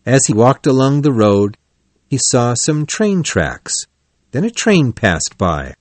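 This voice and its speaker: A man reading a children's storybook aloud as narrator, in an even, clear storytelling delivery. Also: medium pitch, takes it slowly, dry recording.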